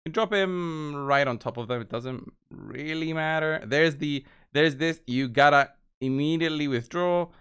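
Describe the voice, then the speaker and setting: A man's voice: fairly high pitch, moderate pace, hardly any pauses, a bit bright, smooth. A man giving casual gameplay commentary, walking viewers through each move step by step. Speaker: game video creator.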